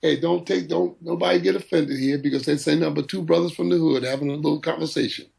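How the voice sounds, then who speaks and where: A man impersonating a brash, boastful older male boxing promoter, talking loud and rapid-fire. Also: on the high side, steady tone, vocal fry, voice pushed up.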